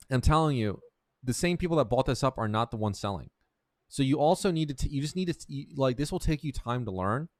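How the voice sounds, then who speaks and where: Young guy explaining stock charts, swears a lot, says dude constantly, mid pitch, dry close sound. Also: no echo. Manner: blunt, profane, keeps saying "dude" and "right?"; restarts and repeats words often. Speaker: trading instructor. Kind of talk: casual screen-share tutorial.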